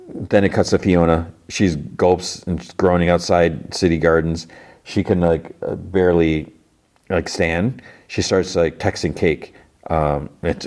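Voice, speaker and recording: A man hosting a podcast, casually retelling a cartoon episode with lots of fillers and quick quoted lines. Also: sits low, a little mellow. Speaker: podcast host recapping an episode. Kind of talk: casual recap.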